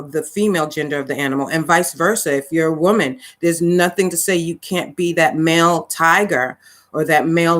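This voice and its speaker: A woman's voice: lowish voice, fairly bright tone. A woman acting coach teaching a live-streamed class in a chatty, rambling way, with many fillers and restarts. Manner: greets viewers by name mid-lesson.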